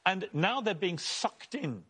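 A man with a British accent, an animated, indignant panelist on a TV debate. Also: high voice, slow, breathy edge.

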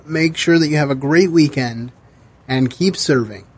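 A man hosts a relaxed book-club podcast in a fairly high voice. He talks in a halting, friendly way, full of fillers and restarts, and wears his emotions openly. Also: husky, faint music behind. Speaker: podcast host. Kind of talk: casual book-club chat. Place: studio.

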